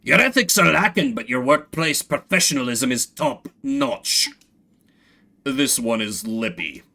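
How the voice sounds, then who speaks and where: A man's voice: mid-range voice, animated, measured pace, bright, forceful tone. A man voicing a smug, cold male stoat prison captain who speaks in a dry, menacing drawl.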